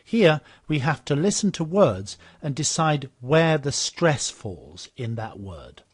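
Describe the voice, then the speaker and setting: A man narrating a walkthrough of a teaching program in a steady, explanatory way, repeating the model phrases after the clips. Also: a little high, slow pace, breathy edge. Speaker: software demonstrator.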